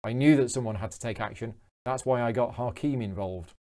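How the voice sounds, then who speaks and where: A man voicing a frightened, angry young woman from a game, in his own mellow voice. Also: mid-range voice, fairly quick, natural voice. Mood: bitter.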